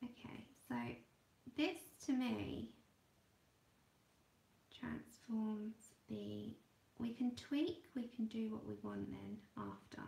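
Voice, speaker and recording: A woman hosting an art livestream, chatting casually and thinking aloud as she draws, sometimes trailing off into quiet murmurs. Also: fairly high pitch, slow pace, vocal fry, pauses often, reverberant. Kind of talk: casual livestream chat while drawing.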